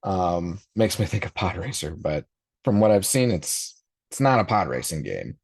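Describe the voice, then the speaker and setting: A man's voice: low voice, very animated, moderate pace, creaky, breathy edge, dry recording. A man in his forties hosting a podcast, reacting casually in a rambling, nostalgic way with many fillers and restarts. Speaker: podcast host.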